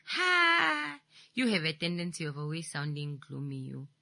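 Woman radio host, Namibian English accent, bright tense voice, lowish pitch, chatty and teasing. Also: steady tone, a little fast, dry recording. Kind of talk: casual radio talk show.

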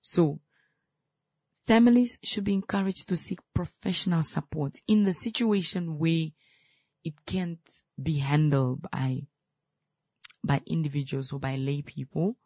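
A man's voice: on the high side, measured pace, a little mellow, no room sound, studio quality. A man hosting an advice show, speaking earnestly about family conflict and repeating his key points for emphasis. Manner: quotes scripture, then explains it plainly. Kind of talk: advice talk.

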